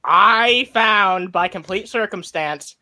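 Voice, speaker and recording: A man hosting a casual chat stream while high, rambling and breaking into giggles. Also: slow pace, pushed and bright. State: high on cannabis. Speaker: stream host.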